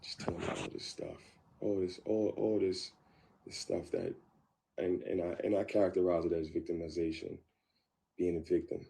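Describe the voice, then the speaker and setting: A deep-voiced man with a gravelly, dark tone recounts a past relationship in a candid interview. He speaks in halting bursts, restarting and repeating his words. His voice sits low and relaxed. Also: a little hiss or hum. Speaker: guest.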